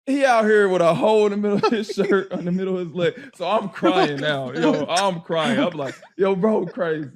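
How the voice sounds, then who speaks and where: A man casually telling a story on a podcast, slangy and animated, often laughing. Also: sits high, a little fast, hardly any pauses. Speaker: podcast guest, former player.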